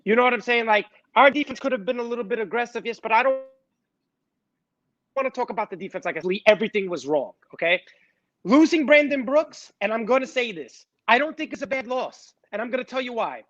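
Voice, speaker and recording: A man's voice: extremely high pitch, expressive, brisk, fairly bright tone, no room sound, highs cut off. A man co-hosting a sports podcast, blunt and dismissive, swearing as he sizes up players. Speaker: podcast co-host. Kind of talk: casual sports chat.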